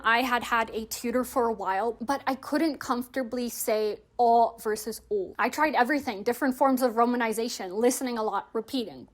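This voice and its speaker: A young woman hosting a language-learning video, explaining tips in a chatty, friendly way with frequent "like" fillers. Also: fairly high pitch. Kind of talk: casual explanatory vlog.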